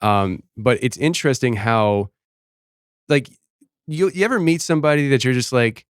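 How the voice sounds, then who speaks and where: A male podcast host with a smooth, resonant voice at a middle pitch chats eagerly with his guest. He talks in loose, casual runs packed with fillers. The sound is dry and close. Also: normal speed, no echo. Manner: enthusiastic, full of filler words. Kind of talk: casual interview chat.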